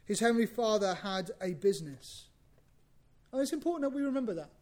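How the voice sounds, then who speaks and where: A man preaching a sermon, lively and conversational, acting out bits of dialogue and repeating words as he goes. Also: high voice, fairly quick. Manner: animated, acts out biblical dialogue, repeats himself.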